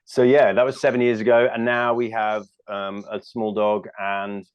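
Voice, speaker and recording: Low-voiced British man, chatty. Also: little pitch movement, normal speed, smooth, no echo, highs cut off. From United Kingdom. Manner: chatty and self-deprecating, many fillers and restarts. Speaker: comedian guest. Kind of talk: casual interview chat.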